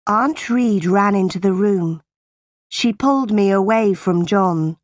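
Woman reading a learner storybook really slow, dry close sound. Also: mid-range voice, no room sound. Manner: clear, deliberate reading. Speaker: narrator. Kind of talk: slow graded-reader storybook narration.

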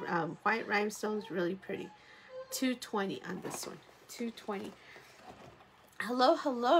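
A woman's voice: medium pitch, background noise. Chatty woman selling jewelry live. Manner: chatty, upbeat, greets viewers by name. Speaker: live-stream jewelry seller. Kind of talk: casual live sales chat.

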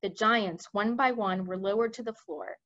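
A woman reading a children's book aloud expressively, pausing now and then to speak to her listeners. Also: medium pitch, lo-fi sound. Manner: expressive, addresses listeners directly. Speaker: library read-aloud reader. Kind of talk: storybook read-aloud.

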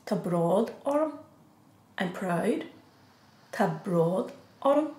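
A woman with an Irish accent teaching a beginner language lesson, saying each phrase slowly, repeating it, then giving the English. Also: medium pitch, expressive, warm tone. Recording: echoey room.

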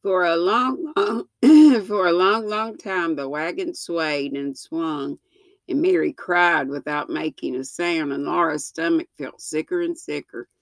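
A woman in her sixties reading a children's book aloud, slow and gentle, with small slips that she corrects. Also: on the low side, no room sound. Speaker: storyteller.

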